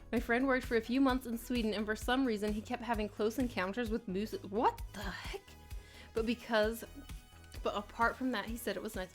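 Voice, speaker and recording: A chatty woman hosting a live stream, talking casually to her chat and laughing easily. Her voice sits a little high. Faint music plays quietly underneath. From United States. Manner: chatty, reads chat aloud, laughs often.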